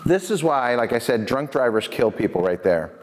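Animated male youth speaker in a reverberant hall. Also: medium pitch, moderate pace. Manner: animated storyteller, asks the audience questions, laughs often. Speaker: prevention specialist and youth speaker. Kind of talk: lively talk to students in a church hall. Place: church hall.

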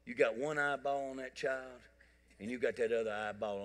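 Animated pastor, bright voice. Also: male voice, fairly high pitch, quick pace. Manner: folksy storytelling, animated and joking. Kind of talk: sermon. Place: church sanctuary. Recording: church hall reverb.

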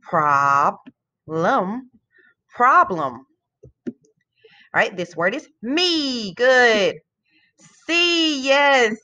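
A woman teacher, leading an online phonics lesson for young children in a slow, upbeat, encouraging way. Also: high-pitched, sing-song, sharp tone. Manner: slow, upbeat and encouraging, with sing-song praise.

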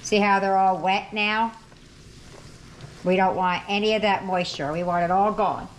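A woman with a mid-range voice hosts a home cooking video, chatting casually and correcting herself as she cooks in her kitchen. Her intonation stays fairly even and her pace is a little slow. Frying and sizzling sound in the background, along with slight background noise.

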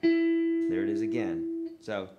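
A man teaching a live online guitar lesson, coaching in a relaxed, repetitive way and checking in often with the viewers. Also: fairly low pitch, slow pace, dull audio. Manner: relaxed, repetitive coaching with frequent "okay?" and "right?".

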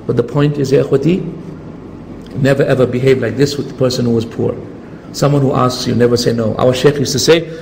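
Male religious lecturer, rapid and gravelly, acting out scenes, hall reverb. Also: on the high side. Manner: recites Arabic verses quickly then explains them, acts out scenes with animated voices. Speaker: Islamic lecturer. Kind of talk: Quran commentary lecture. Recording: hall reverb, faint ambient noise.

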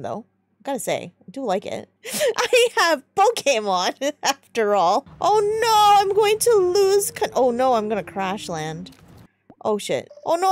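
A young woman giving casual let's-play commentary, excitable, squealing in delight and swearing when startled. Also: medium pitch, dry recording. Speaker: gamer streamer.

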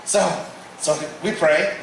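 Man, preacher, animated testimony, higher voice, echoey distant hall. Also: takes it slowly, a little hiss or hum. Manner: animated storytelling, acting out quotes. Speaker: guest speaker. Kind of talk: sermon testimony. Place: large church auditorium.

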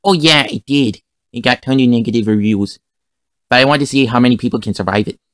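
A man's voice: medium pitch, a little fast, fairly bright tone, natural voice. A man doing an odd, timid cartoon creature. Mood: chatty. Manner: awkward, timid and apologetic. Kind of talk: fan-made cartoon voice acting.

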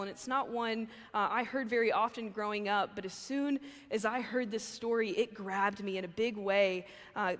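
A young woman giving a casual chapel sermon, chatty and full of fillers. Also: fairly high pitch. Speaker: chapel speaker. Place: university chapel. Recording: long hall reverb.

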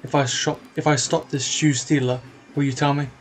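A man's voice: on the high side, flat delivery, moderate pace, a little hiss or hum, close to an everyday voice. A man voicing a young female game heroine, blunt and sarcastic, speaking in his everyday voice.

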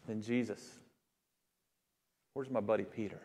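A male pastor delivering a sermon, telling a story with animated delivery and building to fervent emphasis. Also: on the low side, unhurried, breathy edge.

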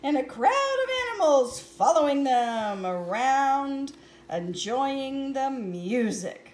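A giggly woman reads a picture book aloud with chatty asides. Her high voice swoops and lilts at an unhurried pace. The room is echoey, with a faint hum behind her. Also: big pitch swings, a little mellow.

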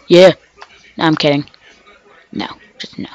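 Sick and sounding off, a woman hosting a gaming channel rambles casually as she plays, chatting to herself and to the game animals. Her voice sits at medium pitch, and she speaks slowly with frequent pauses. The recording is muffled.

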